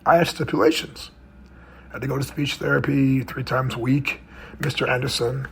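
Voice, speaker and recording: A man's voice: medium pitch, level tone, moderate pace, vocal fry, a bit bright, breathy edge. A middle-aged man, a mental health coach, telling a personal story in a loose conversational way with frequent tag questions. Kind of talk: storytelling talk.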